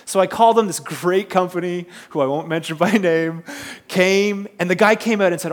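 A man preaching a sermon, telling a lively personal story and asking the crowd questions. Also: sits high, a little fast. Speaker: pastor.

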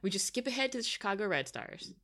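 A woman's voice: mid-range voice, big pitch swings, fast, fairly bright tone. A woman co-hosting a soccer podcast, talking through rosters in a casual, analytical way with dry teasing asides. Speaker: podcast co-host.

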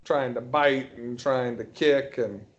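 Casual male storyteller, mid pitch, halting delivery, muffled recording. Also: fairly even intonation. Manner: halting, hesitant storytelling with many restarts. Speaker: guest telling a story. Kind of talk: casual podcast chat.

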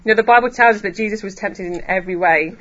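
A woman preacher giving a sermon to a church congregation, earnest and emphatic, slowing down on key phrases. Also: mid-range voice, a bit bright, lo-fi sound, a little hiss or hum. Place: church hall.

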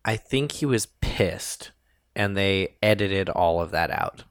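A woman's voice: extremely low pitch, animated, slow, clean tone, no echo, clean studio sound. A woman co-hosting a podcast, giving her frank opinions in casual chat. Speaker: podcast co-host.

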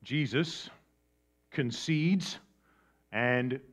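A man preaching a sermon with dramatic swings from loud emphasis down to a hushed near-whisper. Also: medium pitch, very slow. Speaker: pastor. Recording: dull lo-fi sound.

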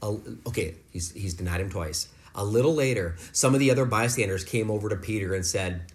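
A man leading a home Bible lesson for his kids, explaining scripture in a relaxed, conversational way. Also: on the low side, fairly quick. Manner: rises to loud, fervent preaching, then talks softly and warmly with kids. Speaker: father leading a family devotion. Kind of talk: preaching to children at home.

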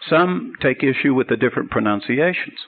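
A man's voice: mid-range voice, lively intonation, fairly quick, vocal fry, phone-quality sound. A man teaching a sermon as a Bible teacher, earnest and explanatory. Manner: earnest, explanatory, builds up to a told joke.

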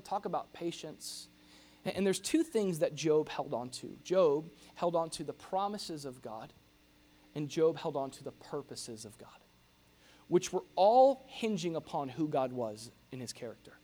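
Animated preacher man, slightly high voice. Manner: animated, jokey, acts out grumbling noises. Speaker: pastor. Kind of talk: sermon.

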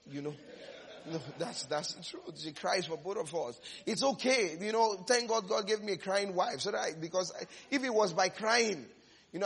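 A middle-aged man preaching with a high, husky voice. He talks in an animated way, repeats his words and laughs between phrases. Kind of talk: sermon.

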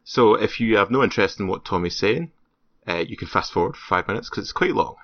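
A man's voice: lowish voice, expressive, fast. A man co-hosting a gaming podcast in a loose, rambling way, full of fillers. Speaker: podcast co-host. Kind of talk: casual podcast chat. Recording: dry, slightly muffled sound.

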